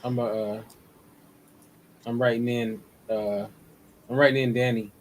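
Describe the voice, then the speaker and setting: A man's voice: mid-range voice, fairly even intonation, measured pace, slight background noise. A man chatting casually on a group video call, easygoing and hesitant, with many uhs and restarts.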